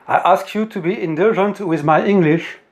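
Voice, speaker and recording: A man with a French accent, not a native English speaker, giving a careful, formal science lecture. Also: sits high. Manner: careful, deliberate, formal phrasing. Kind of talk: slow formal lecture reading.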